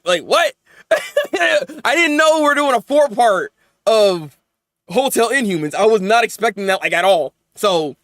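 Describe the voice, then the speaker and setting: A man reviewing anime episodes in casual, animated chat, venting and rambling as he goes. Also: sits high, no echo, studio quality. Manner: animated, rambling, quick to vent.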